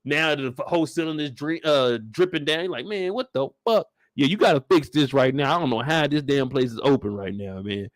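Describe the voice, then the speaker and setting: A man's voice: mid-range voice, a little fast, few pauses, no room sound. A young man, joking his way through a show recap and acting out the characters, with a lot of profanity. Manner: animated, acts out characters, profane. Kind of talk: comedic episode breakdown.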